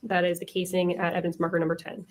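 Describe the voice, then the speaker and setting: A woman's voice: on the low side, level tone, quick pace, darkish tone, slight background noise. A woman testifying in court as a crime scene investigator, giving brief, matter-of-fact answers.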